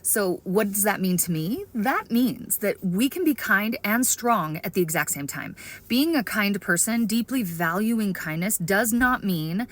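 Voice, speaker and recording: A woman's voice: medium pitch, expressive, measured pace, fairly bright tone. Earnest woman sharing an opinion on camera. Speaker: video creator. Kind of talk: opinion vlog talking to camera.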